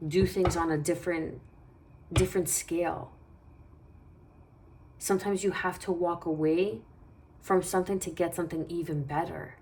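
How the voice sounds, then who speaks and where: Low-pitched female tarot reader, meandering and reassuring, faint hiss under the voice. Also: darkish tone. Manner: meandering, reassuring, thinks aloud. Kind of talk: casual tarot reading.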